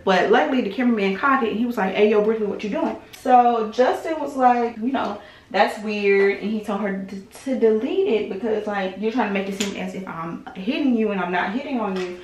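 A young woman recaps online gossip in a loose, chatty way. She leans on "like" and "you know" and stops to hedge her claims. Her mid-pitched voice bounces around an echoey room. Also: brisk. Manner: chatty, filler-heavy, hedging with "allegedly". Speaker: vlogger recapping online drama. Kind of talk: casual gossip commentary.

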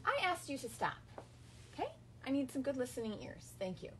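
A young woman teaching an online kindergarten lesson at home, patient and instructive, slowly modeling phrases for children to repeat. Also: high-pitched, very animated, slight background noise. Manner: patient, instructive, frequent gentle redirections; slow, sing-song modeling of phrases for repetition. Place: home, filmed for online class.

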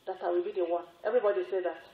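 A religious sister giving a sermon, telling a story with repetition and emphatic rising exclamations. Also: female voice, fairly low pitch, steady tone, racing. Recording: echoey, phone-like narrow sound.

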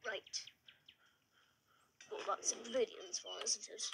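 A man's voice: high-pitched, steady tone, unhurried, gravelly. A British man chatting playfully on a live stream, jumping between topics. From Britain. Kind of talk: casual live-stream chat. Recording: noisy stream audio.

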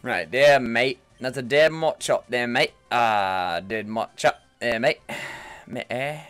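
A man putting on a bad British accent as a cheeky young bloke, loud and taunting, on a headset mic. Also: medium pitch, takes it slowly, clear, resonant tone, faint music behind. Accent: put-on British. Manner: loud, taunting, repeats "mate".

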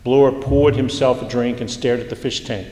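Male author at a reading, measured delivery, roomy reverberant hall. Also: medium pitch, steady tone, mellow. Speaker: author reading his fiction. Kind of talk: literary reading aloud. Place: lecture hall.

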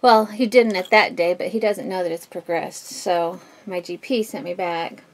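A woman vlogger with a husky, smoky voice, chatting candidly at home while doing her makeup, rambling with many fillers and restarts. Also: on the low side, steady tone, normal speed. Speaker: beauty vlogger. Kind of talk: casual get-ready-with-me chat.

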